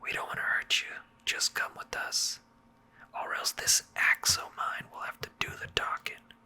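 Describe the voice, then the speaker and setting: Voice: a little slow, sharp tone. A streamer whispering as a stern knight. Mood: commanding. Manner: commanding, read in a whisper. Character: stern male knight leading a capture squad. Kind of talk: whispered role-play.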